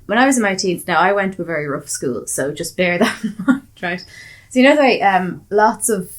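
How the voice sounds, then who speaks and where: A woman's voice: medium pitch, animated, fairly quick. An Irish woman hosting a casual chat, blunt and sweary, telling stories with animation. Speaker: podcast host.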